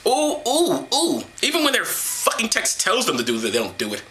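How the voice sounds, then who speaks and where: A man reads passages aloud and mocks them with irreverent, sarcastic commentary. His voice is bright and edgy, and his pitch leaps around wildly as he hums and exaggerates his reactions. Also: huge pitch swings, quick pace, slight background noise. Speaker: host of an atheist commentary series. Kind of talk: sarcastic solo commentary on scripture.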